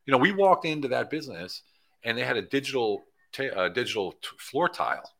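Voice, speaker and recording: A man from Pennsylvania, a guest in a casual interview, telling animated stories and acting out the dialogue of people he met. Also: medium pitch, a little fast, vocal fry. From Pennsylvania, USA.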